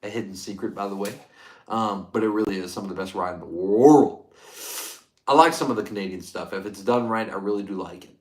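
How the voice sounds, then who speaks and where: A man hosting a casual whiskey livestream, chatting loosely and getting excited as he reads out and thanks viewer comments. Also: fairly low pitch, brisk. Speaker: livestream host reviewing whiskey. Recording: echoey room.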